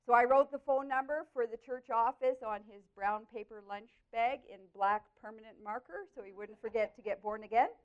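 A woman sharing her personal Christian testimony, telling the story in an earnest, expressive way with lively swings in her voice. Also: on the high side, moderate pace, hardly any pauses. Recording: dull, lo-fi audio.

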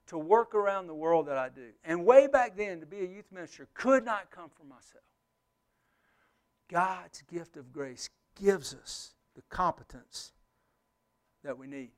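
Man, preacher, sermon, earnest, slightly high voice, loud emphasis then hushed near-whisper. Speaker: pastor and missionary.

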